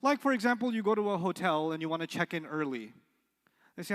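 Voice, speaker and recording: A middle-aged man teaches an Arabic class, full of energy, slipping into the voices of the people in his stories and tossing questions at the room. His voice sits high. It carries a long reverb, like a large lecture hall. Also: quick pace. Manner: animated, acts out quoted voices, asks the class questions. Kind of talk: lecture with storytelling.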